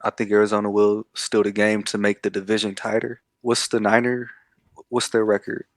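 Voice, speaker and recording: A man with a somewhat low voice talks sports picks bluntly and with conviction. He swears freely and sounds completely sure of his calls. The sound is dry and close. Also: completely flat delivery, moderate pace, dry recording. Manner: emphatic and blunt, swears freely, confident predictions. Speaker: co-host. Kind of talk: casual sports betting chat.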